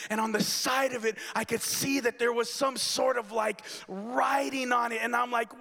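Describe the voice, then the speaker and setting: A man preaching a sermon to a congregation, telling a story with rising excitement and shouting. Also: very high voice, moderate pace. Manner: animated, builds to excited shouting. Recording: long hall reverb.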